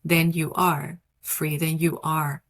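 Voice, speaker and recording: Woman wellness coach, lowish voice; soft, affirming, unhurried delivery for podcast guidance. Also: flat delivery. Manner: soft, slow, affirming cadence with repetition. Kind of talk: guided reflection and coaching talk.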